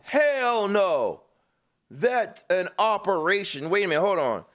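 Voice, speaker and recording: A man's voice: high voice, expressive, normal speed, a bit bright. A man reacting to a clip as a streamer, blunt, swearing and incredulous. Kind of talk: reaction commentary.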